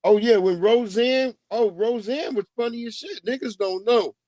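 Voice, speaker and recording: Rambling, profane livestream host, dry sound. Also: male voice, very high voice, normal speed, a little mellow, no echo. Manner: rambling, profane, goes off on tangents. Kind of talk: casual chat with viewers.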